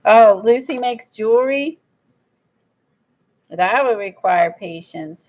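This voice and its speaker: A woman's voice: medium pitch, expressive, slow. A woman chatting casually while she crafts, blunt and rambling, with an admittedly impatient streak. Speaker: crafter vlogger. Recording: dull lo-fi recording.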